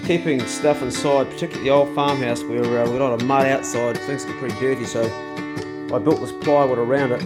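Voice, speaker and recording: A man's voice: steady tone, fairly quick. A middle-aged man with a New Zealand accent, chatting casually to camera outdoors on a rural property. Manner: laid-back and chatty, with a higher, louder voice when talking to his dogs. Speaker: vlogger. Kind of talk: casual vlog talk to camera. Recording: guitar music playing under the voice.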